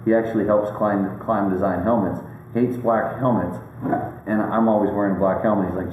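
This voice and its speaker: A man's voice: fairly low pitch, steady tone, a little fast, a little mellow. A man hosting a casual chat, rambling and joking with lots of fillers and restarts. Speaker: host. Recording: very echoey room, faint background noise.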